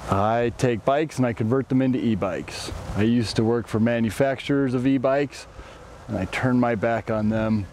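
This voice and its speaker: A man's voice: mid-range voice, a little mellow, slight background noise. A man from Chicago hosting his own channel, chatting casually and jokingly as he walks through a custom bike build. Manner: joking, chatty, playful asides. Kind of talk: casual product walkthrough vlog.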